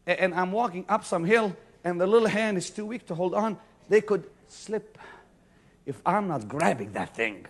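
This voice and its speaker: High-pitched preacher swinging from shouts to hushes. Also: male voice, animated, normal speed. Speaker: pastor. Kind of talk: sermon. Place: church before a congregation.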